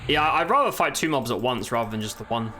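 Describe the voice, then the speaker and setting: A man's voice: medium pitch, lively intonation, fast, bright, forceful tone, slight background noise. A man streaming live gameplay with commentary, swearing and exclaiming while chatting to viewers. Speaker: game streamer. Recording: game music underneath. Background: faint game music.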